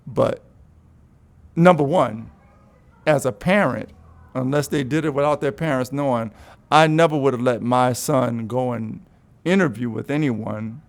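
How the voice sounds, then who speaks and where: A man co-hosting a casual talk show who speaks frankly and offers strong opinions. His voice is gravelly with plenty of fry. It sits at a middle pitch. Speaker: co-host. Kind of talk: casual chat.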